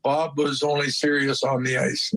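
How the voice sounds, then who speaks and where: Brief: gravelly male interviewee, halting recollection. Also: mid-range voice, little pitch movement, a bit bright, poor audio. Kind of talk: interview reminiscing.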